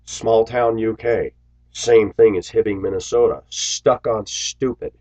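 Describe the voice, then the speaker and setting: A man's voice: on the low side, fairly even intonation, measured pace, mellow. A man vlogging to his viewers in a bitter, sarcastic, preachy rant. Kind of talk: ranting to camera.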